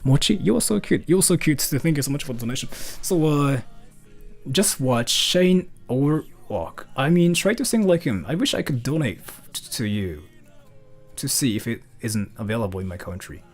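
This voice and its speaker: A man speaks quickly and casually to his livestream viewers, his sentences padded with fillers and broken up by frequent laughs. His pitch swings up and down with energy. Soft music plays faintly in the background. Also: expressive. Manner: fast-talking, heavy on fillers like "like" and "uh"; laughs often while talking. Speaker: streamer answering donations.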